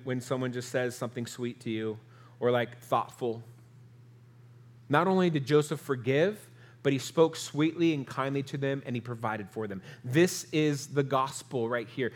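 A man's voice: medium pitch, normal speed. Man preaching an earnest sermon. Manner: earnest preaching, rising on lists, softening on key lines. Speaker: pastor.

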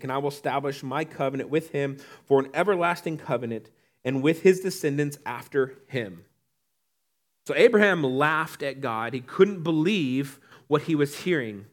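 A man's voice: a little high, normal speed. A young man preaching a casual, conversational sermon, reading scripture and acting out the people in it. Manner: conversational, animated, acts out quotes. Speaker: pastor.

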